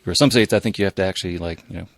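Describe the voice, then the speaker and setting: Deep gravelly man, hesitant. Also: very fast, no echo, clean studio sound. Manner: hesitant, uses many fillers like "like". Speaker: podcast co-host. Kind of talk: casual chat.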